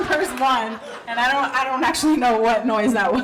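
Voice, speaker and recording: A woman's voice: high-pitched, big pitch swings, slow pace, pauses often. A woman in her thirties doing a stand-up comedy set, brash, profane and self-mocking, laughing through her lines. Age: 30s. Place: comedy club stage. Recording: noisy live club recording.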